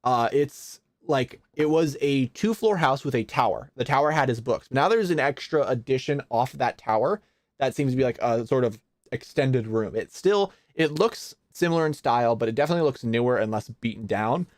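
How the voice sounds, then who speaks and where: Young man, game master, casual narration with fillers, mid-pitched voice, dry close sound. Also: expressive, normal speed, no room sound. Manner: casual, many fillers, laughs often.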